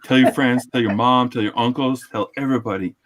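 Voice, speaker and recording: A man hosting a livestream, talking in a loud, rambling, jokey way with lots of swearing. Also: medium pitch, steady tone, fairly quick. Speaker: livestream host. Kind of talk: casual profane chat.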